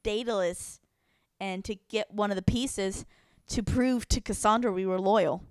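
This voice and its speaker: A woman's voice: mid-range voice, unhurried, clean tone, no room sound, studio quality. A young woman co-hosting a casual podcast, laughing often and jumping in to add to the story. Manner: giggly, laughs often, jumps in to finish stories. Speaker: podcast co-host.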